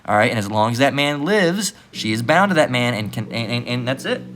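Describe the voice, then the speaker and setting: A man's voice: mid-range voice, very animated, a little fast, a bit bright. A man preaching in a blunt, crude rant, swearing freely and tagging nearly every sentence with "all right?". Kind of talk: profane street preaching rant.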